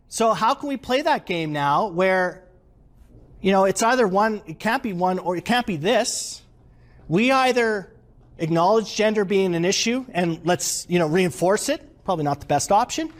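A man giving an interactive leadership workshop to a live audience, animated and quizzing the room. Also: sits high. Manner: animated, asks the audience questions.

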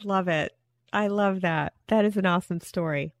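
A woman's voice: on the low side, normal speed, no room sound, studio quality. A woman interviewing a guest, laughing easily and affirming what he says. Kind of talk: casual interview.

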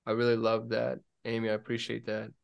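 A man in casual conversation as a podcast guest, speaking frankly about his own experience. His voice sits in an ordinary middle pitch and livens up when he acts out other people's lines. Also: brisk, vocal fry, clear, resonant tone. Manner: candid, animated when telling stories, voices other people.

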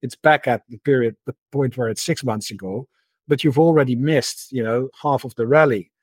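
A man's voice: mid-range voice, normal speed, husky, no echo. A man in a casual interview, explaining markets at length and often repeating words as he thinks. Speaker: interview guest, market analyst.

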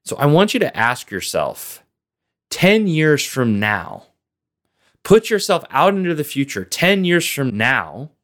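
A man hosting a motivational podcast, speaking earnestly and directly to the listener as a business coach, with steady repeated emphasis. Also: fairly high pitch. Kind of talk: motivational solo podcast talk.

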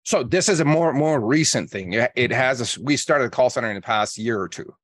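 A man being interviewed on a podcast as a marketing coach, explaining his ideas with lively quoted examples. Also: mid-range voice, a little fast, no echo. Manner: energetic storyteller acting out calls in quotes.

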